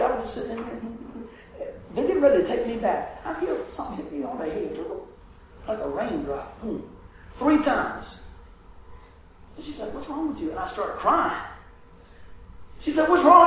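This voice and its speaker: A man preaching a sermon as pastor, telling a hospital story in an animated way and acting out the voices. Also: high-pitched, slight background noise. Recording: echoey room from a distance.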